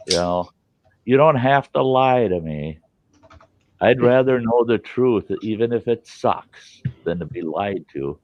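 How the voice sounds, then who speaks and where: A man's voice: lowish voice, expressive, measured pace, no room sound. Blunt, profane male podcast host. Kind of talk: casual chat. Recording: dull, dry lo-fi audio.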